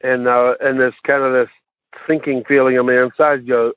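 Male speaker, mid-pitched, halting personal share; phone-line audio, dry. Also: flat delivery, no room sound. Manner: halting, many fillers and restarts. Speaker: recovery meeting speaker. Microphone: phone call.

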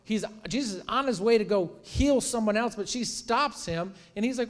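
A man preaching a sermon in a conversational, animated way, retelling stories and acting out quotes. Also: high-pitched, a little fast, few pauses, big-room sound. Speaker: pastor.

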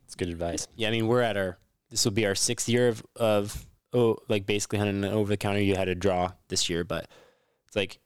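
A man hosting a podcast, chatting loosely with plenty of filler words. His voice sits lowish and comes through clear and smooth, with a dry, close sound. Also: fairly quick, no room sound. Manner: relaxed, filler-heavy with frequent "like". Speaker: podcast host. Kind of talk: casual chat.

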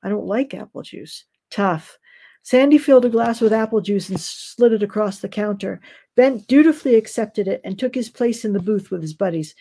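A woman novelist reading her own fiction aloud at an unhurried, measured pace. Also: a little high, mellow, husky.

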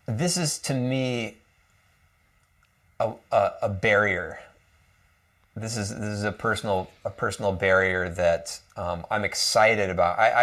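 A man's voice: deep voice, fairly bright tone. A man from the United States, a guest musician, speaking casually and reflectively with lots of hesitations and fillers. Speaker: guest violinist. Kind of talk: casual conversation.

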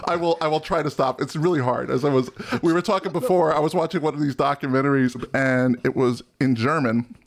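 A man's voice: a little high, brisk, creaky, few pauses. Jokey middle-aged man hosting a podcast. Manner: jokey, laughs easily. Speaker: podcast host. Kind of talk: casual chat.

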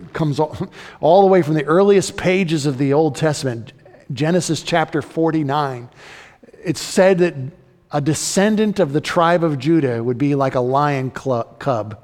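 A man preaching a sermon as a pastor, building to emphatic repeated questions and then dropping low and slow. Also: big-room sound.

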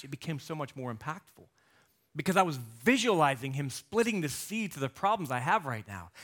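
A man in his thirties or forties preaching a sermon as a guest speaker and coach, telling stories and acting out quotes with lively energy. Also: fairly high pitch. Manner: animated storytelling, acting out quotes.

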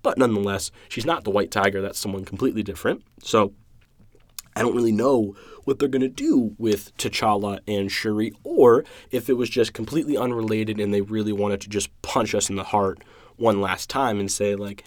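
A young podcast host reviews a film on his own show, talking in an eager, emotional, rambling way with lots of restarts. His voice is on the low side at normal speed, and there's no room sound.

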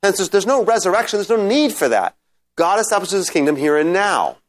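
A man's voice: high voice, big pitch swings, fairly quick. A man teaching a Bible class in a conversational lecture style, reading scripture aloud and checking in with his listeners. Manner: reads scripture aloud, then explains. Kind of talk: informal lecture with Q&A.

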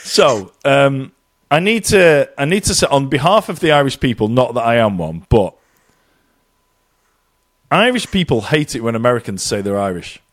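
A man's voice: mid-range voice, moderate pace. A man from England, co-hosting a casual podcast chat, ranting tongue-in-cheek and quoting people in put-on voices. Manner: animated, swearing, tongue-in-cheek rants with put-on quotes. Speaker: podcast co-host living in Ireland.

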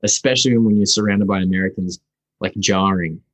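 A young Australian man, a guest actor, chatting casually in an interview, halting and restarting often. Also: sits low, husky, dry recording, rough recording. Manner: halting, full of restarts and fillers.

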